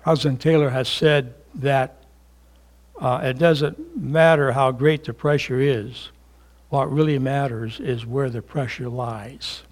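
An older man preaching a sermon as pastor, slow and emphatic, rising to fervent peaks and dropping to hushed tones. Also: medium pitch.

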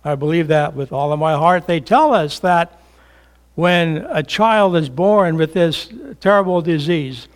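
An older man preaching a sermon as pastor, slow and emphatic, rising to fervent peaks and dropping to hushed tones. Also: a little high.

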